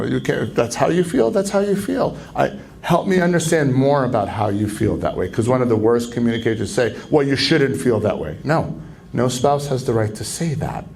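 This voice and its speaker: Male marriage counselor at a conference, mellow dark voice, lively lecture with acted-out quotes. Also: creaky, a little hiss or hum, low-quality recording. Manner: animated, acts out quoted speech with sharp pitch jumps. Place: conference venue.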